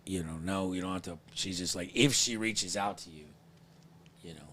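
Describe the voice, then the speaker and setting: A man's voice: low voice, normal speed, fairly bright tone, a little hiss or hum. A man hosting a podcast, telling a long crude story in a rambling, self-deprecating way. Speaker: podcast host. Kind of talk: casual chat, storytelling.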